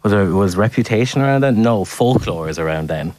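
A man hosting a casual radio song quiz, animated and self-mocking. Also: on the low side, a little fast. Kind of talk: casual chat.

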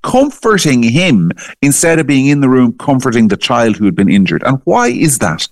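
A man's voice: mid-range voice, big pitch swings, moderate pace, no echo, studio quality. A man, a guest commentator giving emphatic opinions and often repeating words as he starts a sentence. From Ireland. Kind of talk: opinionated political talk.

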